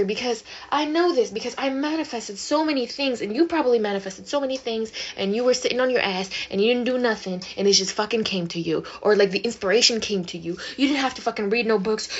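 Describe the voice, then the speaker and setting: A woman with a fairly high voice vents in a casual vlog, swearing freely and hammering her points. Her delivery rambles and restarts. The recording sounds dull and lo-fi. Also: slightly rough. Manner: emphatic, profane, rambling. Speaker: manifestation vlogger.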